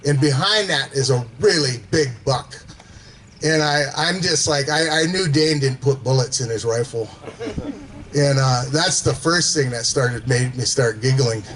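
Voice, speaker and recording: A man's voice: mid-range voice, unhurried, a bit bright, slight background noise, poor audio. A man telling casual stories to a gathering, rambling with fillers and chuckling as he goes. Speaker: storyteller at a gathering. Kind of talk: casual storytelling.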